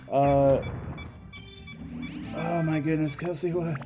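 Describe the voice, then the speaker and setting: A woman's voice: low voice, normal speed, warm tone, soft background music. A young woman co-hosting a gaming stream, chatting in a laid-back, wry and teasing way. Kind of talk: casual chat while watching a game.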